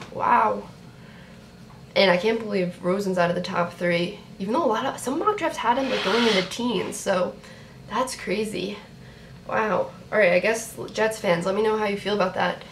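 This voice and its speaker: A young woman reacting to a sports draft on her vlog, chatty and excitable, talking to her viewers. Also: mid-range voice, moderate pace. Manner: excitable, talks to viewers, repeats herself. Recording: roomy echo, faint background noise.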